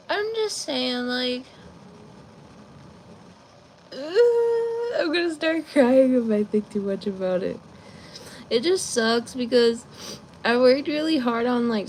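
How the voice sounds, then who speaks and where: A woman's voice: a little high, a little mellow, a little hiss or hum. A woman hosting a casual live chat, rambling and chatty, with lots of fillers, talking to her viewers. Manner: talks to her viewers as "guys". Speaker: live-stream host.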